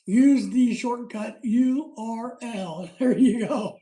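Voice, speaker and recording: A middle-aged man hosts a live stream of casual chat, reading out viewer comments, rambling, joking, and laughing often. His voice is very high-pitched, slow, and mellow, with a roomy echo in the recording.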